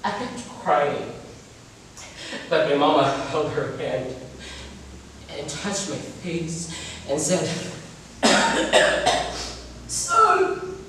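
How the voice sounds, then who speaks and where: A man's voice: fairly high pitch, slow pace, long pauses, a little hiss or hum. A young man with a Filipino accent performing a dramatic monologue in a theatrical, emotive way. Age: young adult. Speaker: student contestant. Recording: echoey room, distant mic, faint ambience.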